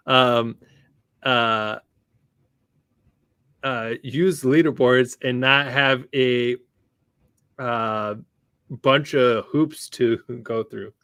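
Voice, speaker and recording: A man co-hosting a podcast, speaking casually and haltingly with many pauses. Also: medium pitch, fairly even intonation, a bit bright, clear, resonant tone, no echo. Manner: hesitant, many ums and uhs. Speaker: podcast co-host. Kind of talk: casual chat.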